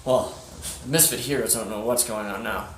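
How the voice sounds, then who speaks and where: A man's voice: on the low side, brisk. Storyteller, male, hesitant improv narration, echoey room, faint hiss. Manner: hesitant, laughing asides. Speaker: podcast storyteller. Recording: roomy echo.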